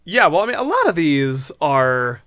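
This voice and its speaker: A man's voice: a little high, sing-song, normal speed, pushed and bright, no echo. A man co-hosting a film podcast, talking thoughtfully with many "like" and "I mean" fillers. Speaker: podcast co-host. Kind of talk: casual chat.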